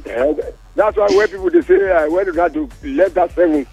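A man's voice: very high voice, huge pitch swings, brisk, vocal fry, a little mellow. A man with a Nigerian accent calling in to a radio sports show, talking with animation. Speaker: caller. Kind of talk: phone-in call to radio. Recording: phone line over radio with music.

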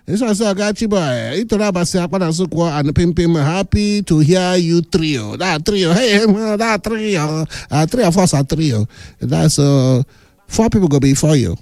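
A man's voice: a little high, moderate pace, no echo, clean studio sound. A middle-aged man with a Nigerian accent, hosting a casual radio show, reading out listener messages with teasing asides. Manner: teasing, animated, mixes in Pidgin. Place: radio studio.

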